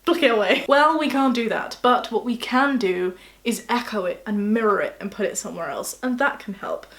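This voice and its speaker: A woman's voice: on the high side, moderate pace, fairly bright tone. Chatty woman vlogger who laughs a lot. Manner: chatty, self-mocking, laughs often. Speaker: YouTuber giving tips. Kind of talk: casual vlog talk to camera.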